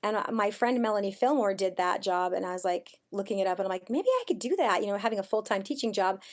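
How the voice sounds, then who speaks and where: A woman in her forties, a podcast guest telling stories in a chatty, animated way over a remote call. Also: mid-range voice, fast talker. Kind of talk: casual conversational interview.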